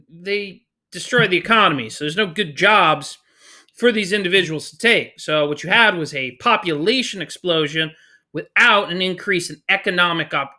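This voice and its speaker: Energetic male teacher, bright tone, chatty and joking. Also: sits high. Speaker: history teacher. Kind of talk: casual classroom lecture.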